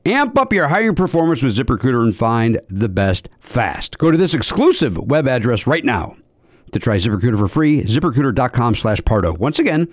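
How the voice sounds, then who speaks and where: Animated joking male podcast host. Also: mid-range voice, brisk. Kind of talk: casual chat and ad read.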